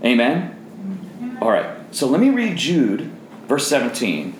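A man preaching a sermon as pastor, animated and raising his voice for emphasis. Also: medium pitch, slow pace, roomy sound, slight background noise, rough recording.

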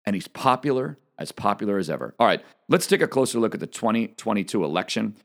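A man's voice: on the low side, sing-song, quick pace, vocal fry. A man hosting a political commentary monologue, emphatic and repetitive, speaking straight to his audience.

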